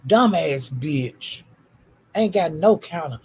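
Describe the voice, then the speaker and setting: Woman commentator, rough fry-laced voice, nonstop cursing call-out rant. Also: sits low, animated, slow, a little mellow, a little hiss or hum. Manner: profane, scolding, repetitive insults. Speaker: YouTube commentator. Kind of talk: ranting commentary.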